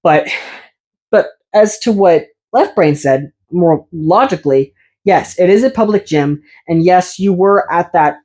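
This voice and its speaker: A man's voice: sits high, measured pace, a little mellow. A man, a fitness YouTuber, delivering a ranting vlog monologue to camera in an exasperated, sarcastic way, with self-aware asides.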